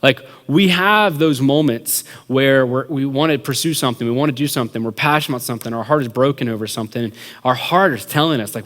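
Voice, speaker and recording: A young adults pastor telling a story in a sermon, animated and acting out what people said, with many casual fillers. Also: male voice, medium pitch, fast. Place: church hall. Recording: long reverb of a large hall.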